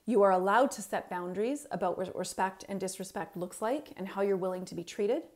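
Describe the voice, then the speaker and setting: A woman's voice: medium pitch, a little fast, darkish tone. A middle-aged woman, a parenting coach, giving a motivational stage talk, speaking emphatically to the audience and repeating her key points.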